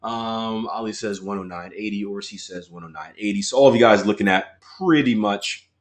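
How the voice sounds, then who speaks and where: A man's voice: fairly low pitch, normal speed. A man coaching viewers through a live trading walkthrough, chatty and casual, talking straight to his audience and asking for replies.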